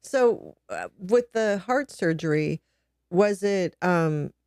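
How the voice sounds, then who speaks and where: Woman podcast host, gentle supportive questions, lowish voice, dry sound. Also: animated, takes it slowly, gravelly, clean tone, no echo. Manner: soft supportive listener.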